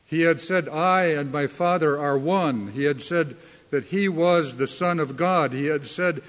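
A man preaching a sermon as a pastor, slow and deliberate, leaning hard on key words. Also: medium pitch, fairly bright tone, big-room sound.

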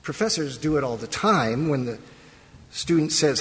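A man's voice: mid-range voice, animated, normal speed. A man preaching a sermon as pastor, moving from liturgical prayer and scripture reading into a conversational talk. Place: church sanctuary. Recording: long reverb of a large hall.

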